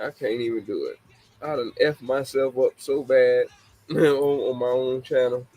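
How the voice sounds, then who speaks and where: A man's voice: mid-range voice, normal speed, slight background noise, low-quality recording. A man in his forties hosting a casual live talk show, laughing often and apologizing to young listeners he calls babies. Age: 40s. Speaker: show host.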